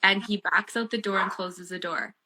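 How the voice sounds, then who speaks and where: A woman, a guest and bereaved mother, telling a personal story in casual chat, earnest and animated with many fillers. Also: mid-range voice, moderate pace, noisy background. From Canada.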